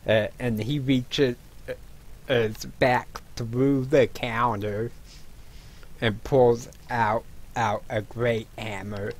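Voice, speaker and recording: A man narrating as game master of a tabletop game, in a halting way. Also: medium pitch, fairly even intonation, poor audio.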